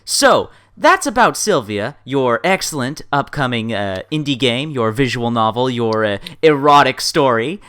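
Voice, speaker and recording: A man's voice: mid-range voice, big pitch swings, unhurried, hardly any pauses, pushed and bright, clear, resonant tone. A man hosting an interview, playful, joking and enthusiastic. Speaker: interview host. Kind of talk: casual interview chat.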